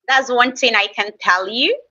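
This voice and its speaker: A woman's voice: a little high, normal speed, sharp tone, recorded from a distance. A woman with a Nigerian accent hosting a casual live stream, chatting with viewers and teasing them as she reads their comments aloud. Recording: slightly dull lo-fi stream audio.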